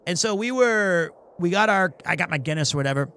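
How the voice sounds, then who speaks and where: A man streaming a game, telling a long rambling anecdote in a casual, animated way, often restarting his sentences. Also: high-pitched, fairly quick, smooth. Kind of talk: casual storytelling while playing a game.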